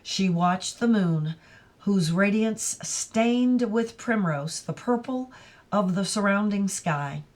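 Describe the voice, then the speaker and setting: Woman reading a classic novel out loud, real slow and careful, mid pitch. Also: expressive. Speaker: audiobook reader. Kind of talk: literary read-aloud narration.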